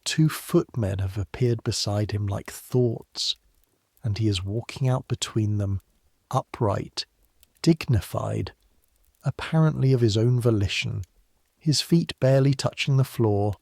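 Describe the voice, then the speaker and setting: A man with a low, gravelly voice reads a bedtime history story aloud, speaking to the listener as "you". His delivery is slow and soft, with quiet hushed asides, and the recording is close and dry with no room sound. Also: no echo. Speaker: narrator. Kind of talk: scripted bedtime history narration in second person.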